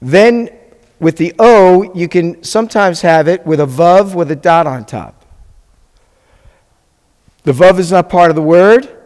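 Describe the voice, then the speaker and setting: A man's voice: high-pitched, a little slow, pauses often, a little mellow, big-room sound. A man teaching a Hebrew class as a rabbi, patiently spelling things out and checking in often with his students. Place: classroom or hall with a live class.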